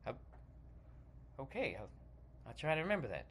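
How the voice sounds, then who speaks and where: A man's voice: mid-range voice, wildly swooping pitch, normal speed, fairly bright tone, a little hiss or hum. Man playing a starstruck, stammering young actor. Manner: gushing and stammering, full of 'like' and restarts. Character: eager starstruck young male actor, nervous. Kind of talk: comedy sketch.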